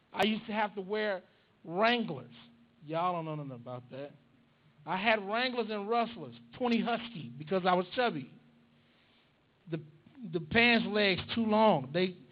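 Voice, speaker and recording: A man preaches into a microphone in a church, swapping stories and jokes with the congregation. His voice sits high for a man. The recording is muffled and lo-fi. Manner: conversational, humorous, addressing the congregation. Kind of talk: storytelling sermon. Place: church sanctuary. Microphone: handheld or stand microphone.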